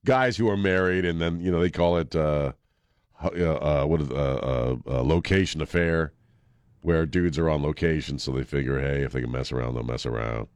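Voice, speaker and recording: A man's voice: extremely low pitch, normal speed, a little mellow, smooth, no echo. A man hosting a talk radio show, joking and laughing in a laid-back way. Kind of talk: casual talk radio banter. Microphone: studio mic.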